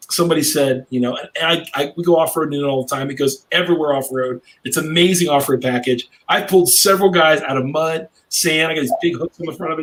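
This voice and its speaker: A man's voice: on the high side, a bit bright, poor audio. A brash middle-aged man, a cigar maker guesting on a podcast, telling a long rambling story in casual chat.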